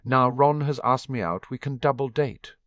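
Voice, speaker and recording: A man voicing a bubbly, excitable teenage girl who gushes in a fan-fiction audiobook. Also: mid-range voice, moderate pace, no room sound, pitched above the performer's own voice, close to an everyday voice. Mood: gushing. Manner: gushing, bouncy. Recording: dull, muffled dry recording.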